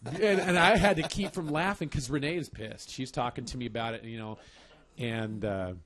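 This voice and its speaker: A man's voice: medium pitch, moderate pace, a bit bright. A man in his thirties chatting on a podcast, telling a profane story about his kids with frequent laughter. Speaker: podcast host. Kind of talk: casual chat.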